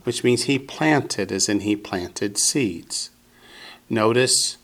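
A man's voice: lowish voice, slow, fairly bright tone. A man teaching Biblical Hebrew in a classroom, patiently drilling students with call-and-response.

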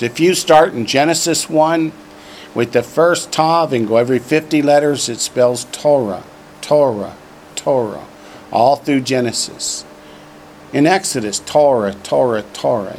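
A man's voice: medium pitch, a little mellow, a little hiss or hum. A man teaching a Hebrew class, drilling word forms for the students to repeat and slipping in jokes. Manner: slow, drawn-out drilling of words for repetition; joking asides. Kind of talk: classroom lesson.

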